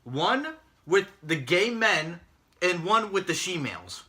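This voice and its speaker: Bright-voiced man ranting. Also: high-pitched, sing-song, takes it slowly. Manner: exasperated, mocking, swears often. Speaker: podcast co-host recapping wrestling. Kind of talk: casual profane rant.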